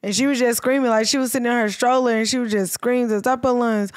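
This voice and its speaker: A woman's voice: a little high, steady tone, racing, dry recording, studio quality. A woman co-hosting a casual podcast chat, telling stories and acting out quotes in a raised voice. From American South. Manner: storytelling, acts out quotes in a raised voice. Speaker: podcast co-host.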